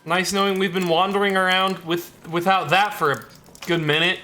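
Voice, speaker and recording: A man with a high voice streams a horror game live, jittery and muttering to himself, repeating lines when scared. Faint hiss and clicks sit behind him. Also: little pitch movement, normal speed, pushed and bright.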